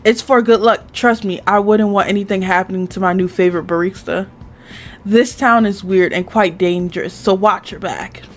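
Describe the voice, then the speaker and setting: A woman voicing a gruff, flirty tall man who talks bluntly with a drawl and tries out an accent. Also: mid-range voice, fairly even intonation, moderate pace, a little hiss or hum, lightly acted.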